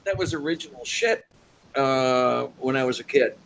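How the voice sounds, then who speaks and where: A man's voice: medium pitch, moderate pace, vocal fry, fairly bright tone, a little hiss or hum. An older man chatting casually on a live stream and making joking asides. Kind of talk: casual chat.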